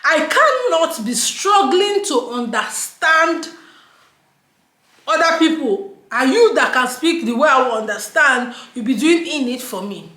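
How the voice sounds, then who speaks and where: A woman with a Nigerian accent tells her story straight to camera in a casual vlog, her voice sitting a little high. She talks freely, drops into pidgin and laughs through her complaints. The room around her rings with a noticeable echo. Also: fairly bright tone. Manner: chatty, mixes in pidgin, laughs while ranting. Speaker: vlogger. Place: indoors at home, daylight.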